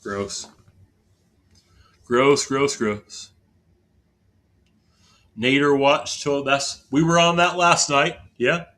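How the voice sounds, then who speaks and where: A man's voice: on the high side, slow, long pauses, pushed and bright. Chatty Midwestern man streaming a game. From southern Indiana, USA. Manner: chatty, self-deprecating, talks to chat viewers. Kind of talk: casual live-stream commentary while gaming.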